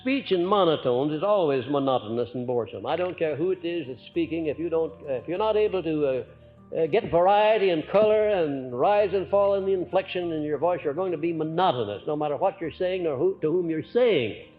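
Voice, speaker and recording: With a slightly high, animated voice, a man delivers an earnest, down-home lecture before a live audience, his volume rising and falling by design. Frequent "uh" pauses punctuate it, and the archival recording is muffled, with faint music.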